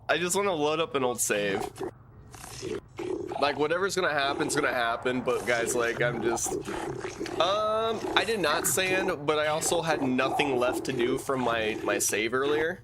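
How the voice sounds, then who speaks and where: A man's voice: on the high side, unhurried, very noisy. Laid-back slangy young man streaming. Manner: slangy, relaxed, thanks viewers, many fillers and restarts. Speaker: game streamer. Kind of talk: casual live-stream chat while gaming.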